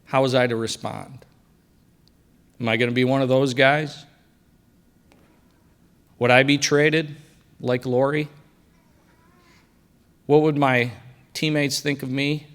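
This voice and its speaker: A middle-aged man giving a personal faith testimony at a breakfast event, telling his story and dropping quiet for quoted lines. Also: mid-range voice, little pitch movement, slow, pauses often, clean tone. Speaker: guest speaker sharing testimony. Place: banquet hall at a breakfast event.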